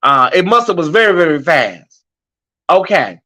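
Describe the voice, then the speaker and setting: A man's voice: fairly high pitch, sing-song, normal speed, sharp tone. A man hosting a live online commentary show, chatting casually with a sassy manner and calling his viewers y'all and honey.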